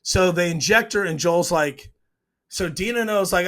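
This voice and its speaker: A man's voice: high voice, unhurried, a bit bright. A man giving a casual, opinionated breakdown of a TV scene, retelling it and acting out the lines as he goes. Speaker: TV show reviewer.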